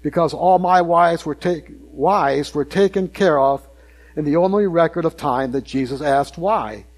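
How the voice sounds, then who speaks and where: Older male preacher with a higher voice. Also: a little slow. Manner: conversational, repeats phrases, asks the congregation questions. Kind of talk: sermon to a congregation.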